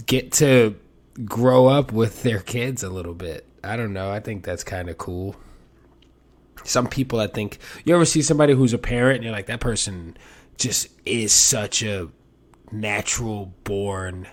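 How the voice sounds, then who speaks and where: Man, podcast host, solo monologue, rambling, self-mocking, fairly low voice. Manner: rambling, self-mocking, animated swings in loudness.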